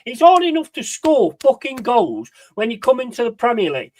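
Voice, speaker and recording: A man's voice: extremely high pitch, very animated, brisk, no echo. Sweary man ranting over a match. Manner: heavy swearing, ranting and frustrated; banters with chat and gives shout-outs. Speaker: football watch-along streamer. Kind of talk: live match watch-along commentary.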